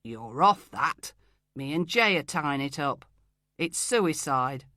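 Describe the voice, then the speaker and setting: A man's voice: medium pitch, sing-song, unhurried, a bit bright, no room sound, clean studio sound, pitched below the performer's own voice. A woman voicing a smug, hostile male detective colleague who taunts and belittles. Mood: sneering.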